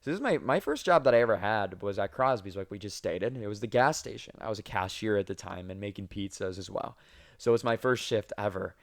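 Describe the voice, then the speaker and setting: A young man hosting a podcast, telling work stories in a casual, profane, animated way. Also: fairly low pitch, a little fast, dry recording, studio quality. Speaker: podcast host.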